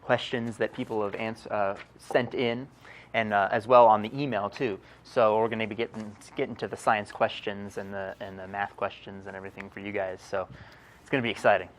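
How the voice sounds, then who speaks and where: A man working as an intern, reading out viewer questions in a halting way with restarts. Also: lowish voice, flat delivery. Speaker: intern running the social media board. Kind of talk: live show segment.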